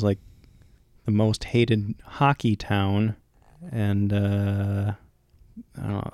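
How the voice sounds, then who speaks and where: Low-voiced Minnesotan man reading research. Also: a little mellow, no room sound, clean studio sound. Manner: thoughtful, reads out research. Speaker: podcast co-host. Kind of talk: casual movie podcast chat.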